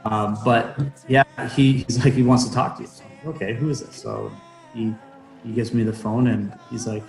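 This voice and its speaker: A man's voice: medium pitch, little pitch movement, fairly quick, reverberant, faint music behind, rough recording. A young man, a professional hockey player, chatting in an interview from home over a remote call, hesitant with many fillers and restarts. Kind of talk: casual interview chat.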